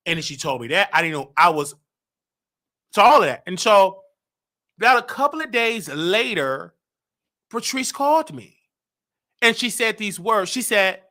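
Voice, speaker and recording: Man, talk show host, animated storytelling, dramatic, voices quoted dialogue, sharp bright tone. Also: high voice, normal speed, long pauses.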